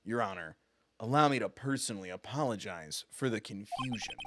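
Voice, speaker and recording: A man voicing a cool, composed male prosecutor in a low, measured voice. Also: lively intonation, a bit bright, no echo.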